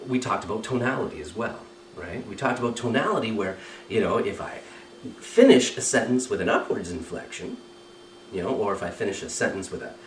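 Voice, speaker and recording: A man's voice: fairly low pitch, echoey room, distant mic, a little hiss or hum, rough recording. A man teaching a recorded training lesson, explaining step by step and often checking with "right?" and "okay?". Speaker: communication trainer.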